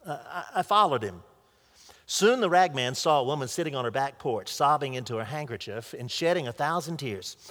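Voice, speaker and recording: A man's voice: mid-range voice, expressive, a little fast, a bit bright. Earnest male preacher, echoing hall. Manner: earnest retelling with small restarts. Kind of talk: sermon storytelling. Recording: long hall reverb.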